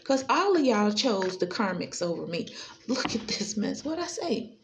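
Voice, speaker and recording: Woman tarot vlogger, gravelly and combative, a faint hiss behind her. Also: expressive, moderate pace. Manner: confrontational, repetitive, swings between high and low pitch. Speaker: tarot reader. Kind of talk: direct-to-camera tarot reading.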